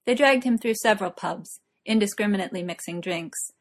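A woman reading a story aloud in an even, measured way. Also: mid-range voice. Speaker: narrator.

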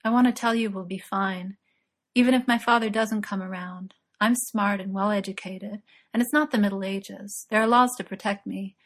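A woman's voice: mid-range voice, fairly even intonation, moderate pace, natural voice. Woman reading as an earnest young man. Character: earnest young man, smug yet anxious. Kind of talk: audiobook character reading.

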